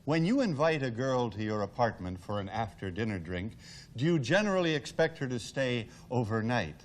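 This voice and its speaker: A man hosting a game show, jovial and quick with jokes, in a 1970s TV studio with an audience. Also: medium pitch, big pitch swings.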